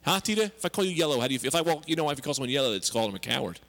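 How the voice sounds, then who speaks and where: A man's voice: a little high, expressive, fairly bright tone. A man co-hosting a podcast, telling stories and joking in a brash, casual way. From United States. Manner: brash storytelling, quick joking. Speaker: podcast co-host. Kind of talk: casual comedic chat.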